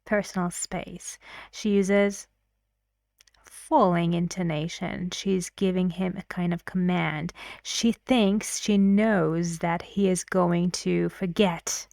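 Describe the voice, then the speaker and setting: A woman's voice: on the low side, fairly even intonation, takes it slowly, vocal fry, a little mellow, dry recording, clean studio sound. A woman teaching an English intonation lesson, explaining clips and repeating phrases to model how they rise and fall.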